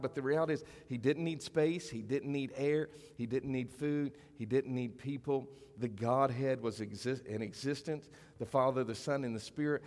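A male pastor preaches to his congregation in a relaxed, conversational way, stretching out key phrases and letting some fall soft. His voice sits at an ordinary male pitch. Long reverb from the church sanctuary trails behind each line. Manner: conversational preaching, slows for emphasis, drops to near whisper. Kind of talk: sermon.

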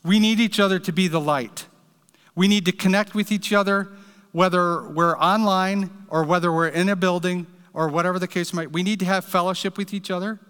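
A man's voice: sits high, steady tone, brisk, fairly bright tone, smooth, in a large hall. A man preaching a sermon, telling a story in an earnest, direct way. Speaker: pastor.

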